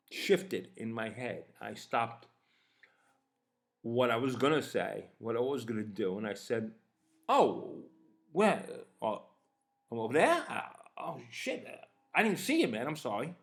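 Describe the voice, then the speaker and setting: A man in his fifties casually telling a personal story, animated and swearing as he acts out both sides of the exchange. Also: medium pitch. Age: 50s. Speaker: podcast host.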